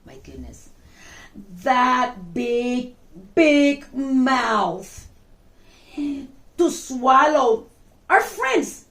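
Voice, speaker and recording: Female children's storyteller, high voice, lively and chatty, gravelly edge. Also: drawn-out words, pauses often. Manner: expressive, exclaiming, chatty asides to the listener. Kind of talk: animated children's story reading.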